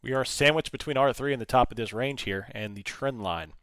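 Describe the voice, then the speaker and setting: A man's voice: mid-range voice, fairly quick, fairly bright tone, clean tone, dry recording. A man hosting a live trading stream, commenting on the chart and answering viewers' questions. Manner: talks to the chart, urging it on. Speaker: livestream trading host. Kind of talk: live commentary and chat replies.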